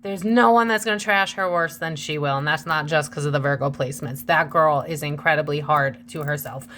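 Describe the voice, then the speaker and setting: A woman's voice: deep voice, brisk, fairly bright tone, slight background noise. A young woman hosting a casual tarot reading, chatty and gossipy, calling her viewers besties. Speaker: tarot reader and channel host.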